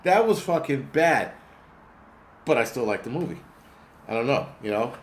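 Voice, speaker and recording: In a casual livestream rant, a host in his forties rambles, swears freely, and answers his chat. He speaks in a mid-range voice with lively intonation at a moderate pace.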